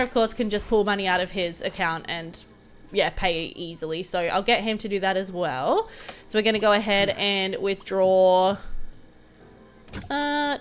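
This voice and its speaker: A woman's voice: medium pitch, fairly bright tone. A young woman casually commenting on her gameplay, chatty and often giggling. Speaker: gameplay video host.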